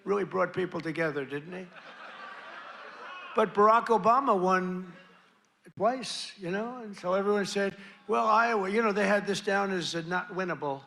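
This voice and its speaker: A man's voice: high-pitched, normal speed, vocal fry, pushed and bright. An older man giving a rally speech, boastful and repetitive, wandering into rambling asides. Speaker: political speaker at a rally. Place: rally venue with crowd. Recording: rally sound with crowd noise.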